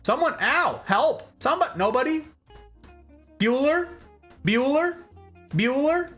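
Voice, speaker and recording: Brief: man doing melodramatic pain receptors, high and frantic, pitch leaping all over. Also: expressive, unhurried, a bit bright, soft background music, full character voice. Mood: panicked pleading. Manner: shrill, pleading, melodramatic. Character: frantic panicking pain receptors, whiny, genderless.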